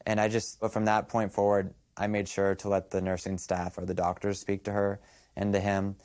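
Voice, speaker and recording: A young man recalling events in a documentary interview, halting and soft-spoken. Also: on the low side, monotone, clear, resonant tone, no room sound.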